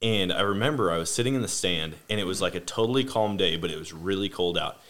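Lower-voiced man telling hunting stories. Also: fast. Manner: rambling, animated anecdotes. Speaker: podcast host. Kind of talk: casual storytelling chat. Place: home room with family.

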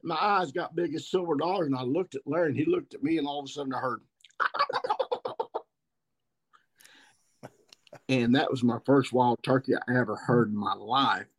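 A man in his sixties speaks in a thick Missouri Ozarks accent, with a middle-pitched voice. He is a podcast guest who tells long, rambling stories in a folksy country manner, circling back to pick up his thread. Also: fast, few pauses, breathy edge. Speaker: guest turkey hunter. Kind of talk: podcast storytelling.

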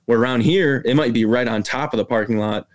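A man's voice: medium pitch, fairly quick. A man, a guest hunter in a casual podcast interview, explaining his approach step by step.

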